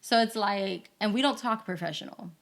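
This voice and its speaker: A young woman co-hosting a podcast, chatting casually and laughing often, slipping into quick put-on voices. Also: medium pitch, creaky. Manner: laughing, animated, slips into put-on phone voices. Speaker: podcast co-host. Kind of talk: casual chat.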